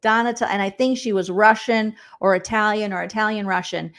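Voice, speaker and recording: A woman's voice: mid-range voice, steady tone, fairly quick, a bit bright. A woman hosting a casual livestream recap, chatty and rambling, often acting out quotes. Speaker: host.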